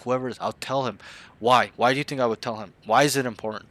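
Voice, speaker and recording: A man's voice: on the low side, fairly even intonation, rapid-fire, pushed and bright, dry recording. A man coaching a player in a casual game review, blunt and slangy, often swearing.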